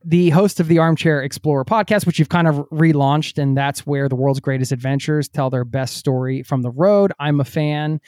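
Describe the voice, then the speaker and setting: A man's voice: a little high, normal speed, few pauses, darkish tone, no echo, studio quality. A man hosting a travel podcast, enthusiastic and chatty. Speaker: podcast host.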